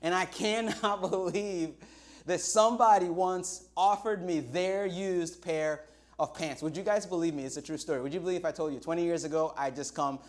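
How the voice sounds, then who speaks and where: Animated Nigerian-accented pastor, fairly high voice. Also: male voice. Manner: animated storytelling, slow drawn-out emphasis. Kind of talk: livestreamed sermon.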